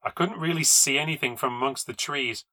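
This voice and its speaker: A man reading a first-person ghost story aloud for a podcast, in a measured, low-key storytelling voice that lifts at tense moments. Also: bright, forceful tone, no echo.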